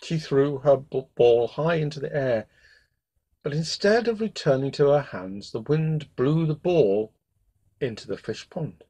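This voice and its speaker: A man reading a classic fairy tale aloud as a bedtime storyteller, with expressive read-aloud delivery. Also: on the high side, measured pace, husky.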